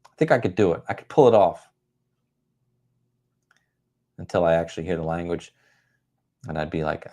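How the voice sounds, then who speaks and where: A man's voice: deep voice, lively intonation, fast, mellow. A middle-aged man hosting a casual livestream, rambling and chuckling as he answers viewer comments with self-deprecating humor. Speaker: livestream host.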